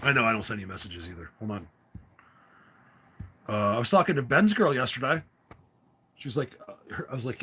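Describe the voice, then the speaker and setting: Husky rambling man chatting to viewers. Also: mid-range voice, expressive, brisk, pauses often, sharp tone. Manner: rambling, laughs often, reads viewer comments. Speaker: livestream host. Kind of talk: casual livestream chat.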